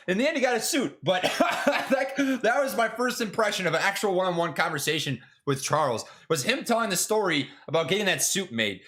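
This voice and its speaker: A young man chats casually on his trading stream, slangy and jokey. His voice is high and bright, and his pitch swings widely as he gets excited. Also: fairly quick, hardly any pauses. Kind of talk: casual livestream chat.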